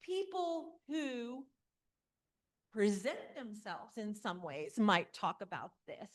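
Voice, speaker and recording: A woman's voice: mid-range voice, expressive, slow, no echo, clean studio sound. A woman teaching an adult church class on a novel. She talks animatedly, questions her students and pokes fun at wordy passages. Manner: mocks long-winded speech with playful asides. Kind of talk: literature class lecture.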